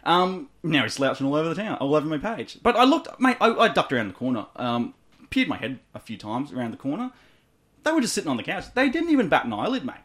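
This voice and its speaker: A man's voice: on the high side, big pitch swings, quick pace, a bit bright. A man with an Australian accent hosting a radio show, playful and hammy, laughing often. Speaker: radio host. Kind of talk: comedic radio banter.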